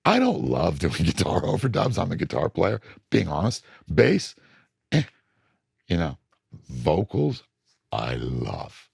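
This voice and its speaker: Older male producer, very low gravelly voice, husky, lively delivery, dry close sound. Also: slow pace, dry recording. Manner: animated storytelling, acts out studio voices. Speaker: record producer. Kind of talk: casual interview talk.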